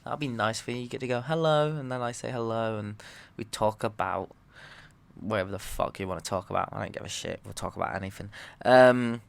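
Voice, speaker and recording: A man, a comedian and podcast host, delivering a loud, swearing, animated comedic rant. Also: fairly low pitch, a little fast, creaky. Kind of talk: ranting comedic monologue.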